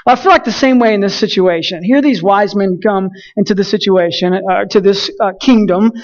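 A man's voice: high voice, a little fast, muffled recording. A man preaching a casual sermon, telling a personal story in a loose, conversational way. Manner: conversational, frequent fillers and restarts, storytelling.

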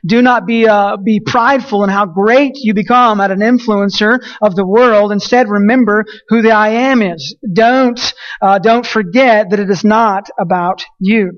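Male preacher, higher register, earnest and self-correcting, muffled lo-fi recording. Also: a little slow. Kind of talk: sermon with scripture reading.

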